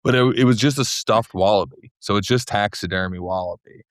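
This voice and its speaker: A man in his forties, a filmmaker guest in a casual interview, telling stories in an animated way full of "like" fillers. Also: fairly low pitch, brisk, dry recording, studio quality. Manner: animated storyteller, heavy "like" fillers.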